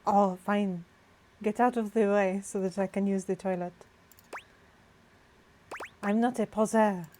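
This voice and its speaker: A woman playing a dating video game, joking with a dry, deadpan delivery. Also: medium pitch, unhurried. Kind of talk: casual game commentary.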